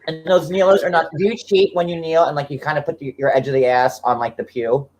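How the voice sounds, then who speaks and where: A man's voice: on the high side, steady tone, fast talker, a little mellow, slight background noise. A man in his forties hosting a casual livestream chat, talking in a rambling way, full of "like". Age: 40s. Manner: chatty, fillers of "like" throughout. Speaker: livestream host.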